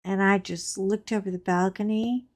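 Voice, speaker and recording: A woman hosting a crafting channel, chatting casually and telling animated anecdotes with frank asides while she works. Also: mid-range voice, normal speed.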